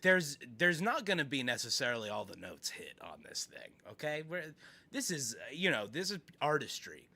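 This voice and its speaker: A man's voice: mid-range voice, moderate pace. A man streaming live, chatting casually with his viewers as he reacts to a clip. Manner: animated, chatty, talks to chat.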